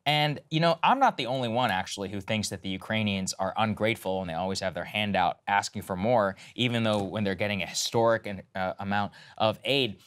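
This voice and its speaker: A man's voice: fairly quick, few pauses, smooth. Emphatic sarcastic political co-host, man. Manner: emphatic, sarcastic, swings loud and high on points. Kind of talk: opinionated political commentary.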